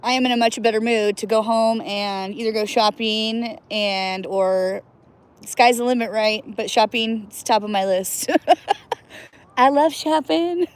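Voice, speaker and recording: Streaming live from outdoors near cold water, this woman from the US Northwest keeps the chat casual and playful, often laughing and sometimes letting out a whoop. She speaks at a measured pace in a fairly high, clean-toned voice.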